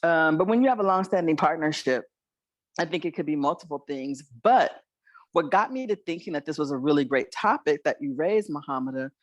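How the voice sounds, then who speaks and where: A woman's voice: deep voice, expressive, a little fast, dry recording. Chatty woman podcast host, dry sound. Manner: chatty, reflective, laughs between thoughts. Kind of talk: casual podcast discussion.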